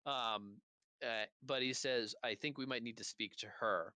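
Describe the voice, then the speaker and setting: A young man narrates a tabletop game as its game master, his voice bright and crisp. He rambles loosely, circling back with fillers as he sets each scene, close to a dry mic. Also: mid-range voice, animated, normal speed, no echo.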